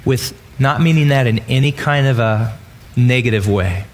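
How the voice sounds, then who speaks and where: A man's voice: medium pitch, moderate pace. A man preaching a sermon in a conversational way, often asking rhetorical questions. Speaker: pastor.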